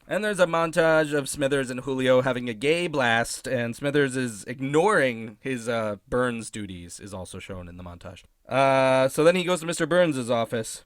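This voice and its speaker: A man hosting a comedic episode recap, sarcastic and profane with deadpan asides. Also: mid-range voice, moderate pace, no echo, clean studio sound. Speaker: host.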